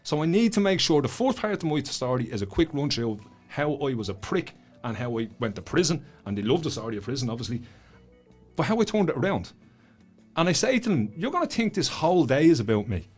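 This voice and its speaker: A man's voice: on the high side, brisk, faint music behind. A man with a Dublin Irish accent, a guest telling stories in casual podcast chat, blunt and swearing freely. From Ireland. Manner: blunt, swears a lot, animated storytelling. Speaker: guest author and school speaker. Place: studio.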